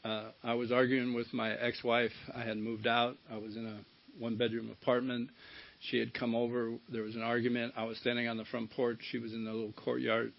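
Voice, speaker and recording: A man's voice: medium pitch, monotone, brisk, vocal fry. A middle-aged man giving a candid personal share at a recovery meeting, swearing casually as he tells his story. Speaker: recovery speaker. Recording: dull lo-fi talk recording.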